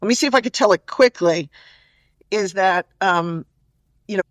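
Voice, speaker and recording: A woman's voice: mid-range voice, normal speed, no room sound. Chatty middle-aged woman telling stories. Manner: animated, chatty storyteller with many "you know" and "like" fillers. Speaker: guest. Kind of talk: casual storytelling interview.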